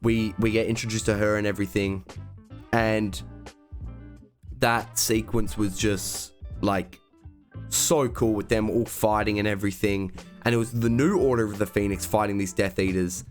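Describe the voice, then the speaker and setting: A young man hosting a casual film review, gushing as an emotional, excitable fan. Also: on the low side, normal speed, faint music behind. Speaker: YouTube reaction host ranking films.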